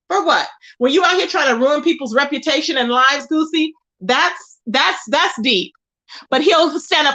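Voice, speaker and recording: A woman's voice: sits high, animated, a little slow, bright, forceful tone. A woman hosting a livestream, ranting indignantly and repeating her points as she calls people out by name. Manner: indignant, repetitive, calling out by name. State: tired. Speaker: livestream host. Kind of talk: ranting live stream commentary.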